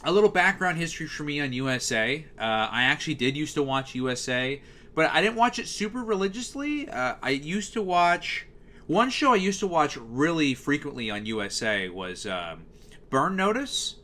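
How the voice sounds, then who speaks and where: A man's voice: on the high side, sing-song, normal speed, bright, forceful tone, slight background noise. A young man giving a casual, exasperated rant about a TV channel's schedule, full of fillers and restarts. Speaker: youtuber reviewing TV schedules. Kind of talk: casual ranting commentary.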